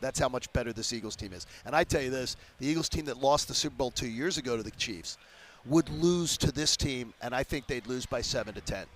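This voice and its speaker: A man in his fifties from the Philadelphia area, a sports radio guest telling stories with animated emphasis in a casual interview. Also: mid-range voice, fairly quick. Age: 50s.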